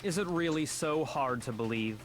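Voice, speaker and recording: A man voices a cold, haughty young detective from a video game who explains everything slowly, as if to lesser minds. His pitch rises and falls with lively emphasis, and game music plays clearly behind him. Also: lightly acted. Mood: smug. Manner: condescending, measured, lecturing.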